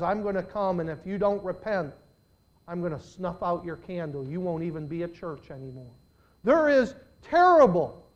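An older man preaching a sermon as a pastor, swinging between hushed, intimate lines and loud, emphatic declarations. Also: high-pitched.

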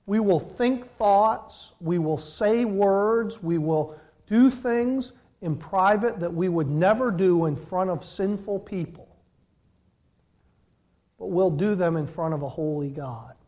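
A middle-aged man preaching a sermon, swinging from loud emphatic peaks to hushed low passages and acting out quoted voices. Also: takes it slowly.

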